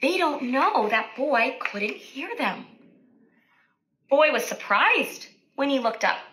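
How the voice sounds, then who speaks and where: A woman speech-language therapist reading a picture book aloud to children, animated and stopping to ask questions. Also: high voice, slow, low-quality recording.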